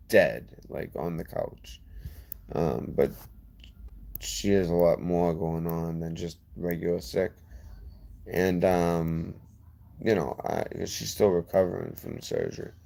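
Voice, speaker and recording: Low gravelly man chatting on a livestream. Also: dark tone. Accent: lazy-sounding regional accent. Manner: rambling, gets heated and fast when defending himself. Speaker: livestream host. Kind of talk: casual livestream chat reading comments.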